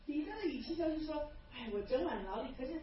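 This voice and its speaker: A woman interpreting a sermon live, rendering each phrase quickly after the preacher. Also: high voice, lively intonation. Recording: distant, echoey, dull hall sound.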